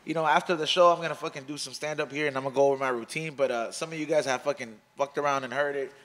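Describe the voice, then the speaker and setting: A man hosting a podcast in casual chat, talking in fast, profane, slangy street talk that drops into Spanish. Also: medium pitch, steady tone, fairly bright tone. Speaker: podcast host.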